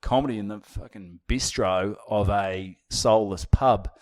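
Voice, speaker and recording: A man's voice: fairly low pitch, a little slow, darkish tone. Rambling Australian comedian man. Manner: rambling, restarts sentences. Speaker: stand-up comedian. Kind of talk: casual storytelling with swearing.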